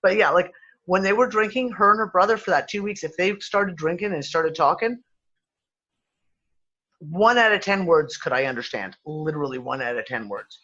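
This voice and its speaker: High-voiced Midlands Englishman, lo-fi. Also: normal speed, pushed and bright. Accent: West Midlands English. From England. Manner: rambling, swears freely, many restarts. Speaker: podcast co-host. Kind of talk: casual chat.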